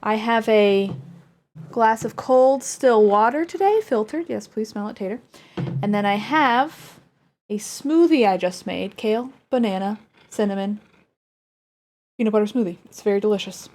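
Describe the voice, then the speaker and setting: A woman's voice: medium pitch, unhurried, pauses often, a little mellow. A woman from the United States streaming, chatting casually with her viewers and cooing at her dog between topics. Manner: chatty, talks baby talk to her dog.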